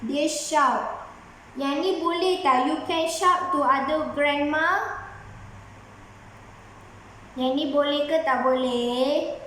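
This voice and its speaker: A woman schoolteacher with a high, slightly bright voice speaks slowly and pauses often, with a little hiss or hum in a very echoey room. She patiently explains a lesson mixing Malay and English, repeating herself to coax young pupils.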